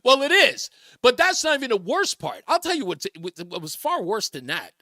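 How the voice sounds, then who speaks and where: High bright guy on talk radio, telling a story all animated, dry close studio sound. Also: moderate pace, dry recording. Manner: animated storyteller, quotes people in raised voices, laughs often. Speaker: radio talk show host.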